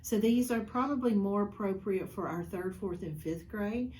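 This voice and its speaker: A woman reading a picture book aloud to schoolchildren in a school office, chatty and expressive. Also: medium pitch, moderate pace, slight background noise.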